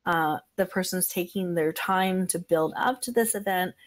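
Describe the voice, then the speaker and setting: A woman hosting a podcast, talking in a relaxed, chatty way with plenty of fillers. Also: lowish voice, normal speed. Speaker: podcast host. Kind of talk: casual podcast chat.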